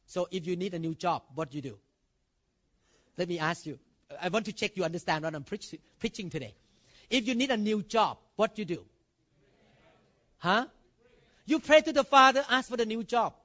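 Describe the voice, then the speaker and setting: A man's voice: high-pitched, sharp tone. Emphatic male pastor preaching. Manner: emphatic, calls out amen, quizzes the congregation. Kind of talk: sermon. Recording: dull lo-fi recording.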